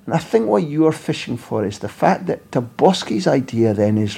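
A man on a podcast, recounting football tournament stories in an animated way and often repeating phrases as he builds them. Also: a little high, moderate pace, vocal fry, hardly any pauses, breathy edge. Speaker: football journalist and podcast guest. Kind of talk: storytelling podcast chat.

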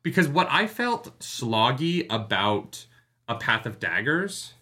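Bright-voiced man chatting casually. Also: mid-range voice, very animated, slow pace. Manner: rambling, jokey, lots of fillers and restarts. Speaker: podcast co-host. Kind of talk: casual book discussion livestream.

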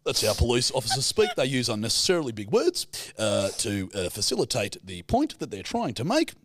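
A man's voice: medium pitch, huge pitch swings, a little fast, background noise. A young man, co-hosting a podcast in casual chat, crude and joking, slipping into mock-formal impressions. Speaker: podcast co-host.

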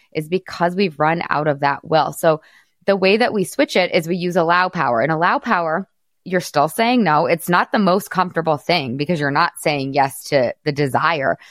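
A woman's voice: low-pitched, dry recording, clean studio sound. A woman in her thirties, a podcast host coaching a client, upbeat and patient, laughing often as she explains. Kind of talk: coaching conversation.

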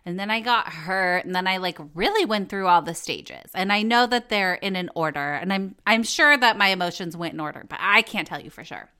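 A woman hosting a casual podcast, her voice hoarse and cracking in and out, chatty and joking, with free swearing. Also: lowish voice, bright, forceful tone. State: hoarse, voice going in and out. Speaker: podcast host.

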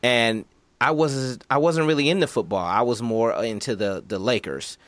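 A man's voice: mid-range voice, moderate pace, a bit bright, dry recording. A man in his forties on a podcast, talking casually with a teasing, joking manner. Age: 40s. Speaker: podcast co-host. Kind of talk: casual chat.

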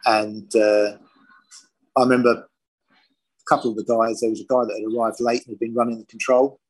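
A man's voice: medium pitch, little pitch movement, normal speed. An older man from Britain, a former police firearms officer, telling his story in a plain-spoken, matter-of-fact interview.

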